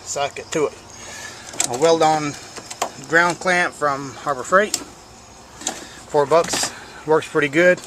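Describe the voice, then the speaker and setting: A man's voice: a little high, takes it slowly, long pauses, noisy background. A man giving blunt, folksy workshop commentary on welding and truck repair, swearing casually as he works. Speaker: home mechanic showing welding work.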